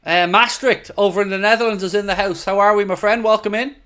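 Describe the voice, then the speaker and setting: A man's voice: high voice, steady tone, fast, bright, forceful tone, clean tone. A young Irish man hosting a football watchalong stream, chatting casually and reading out viewer comments. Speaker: watchalong host.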